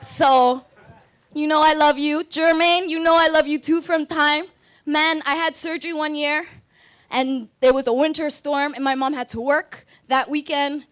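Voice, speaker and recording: A young woman giving her toast as maid of honor. She speaks in a high voice, casual and rambling but heartfelt. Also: fairly bright tone. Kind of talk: wedding toast.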